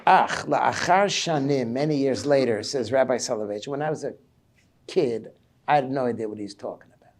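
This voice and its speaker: A male rabbi giving an animated sermon lecture, reading passages in Hebrew and explaining them in English. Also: mid-range voice, a little fast.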